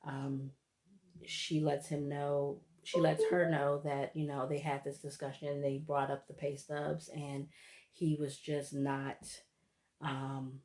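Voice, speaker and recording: A woman with a low voice talks through a reality TV episode in a casual, chatty way. She laughs often and acts out what the people on the show said. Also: a little mellow. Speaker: reality TV recap vlogger. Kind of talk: casual recap chat.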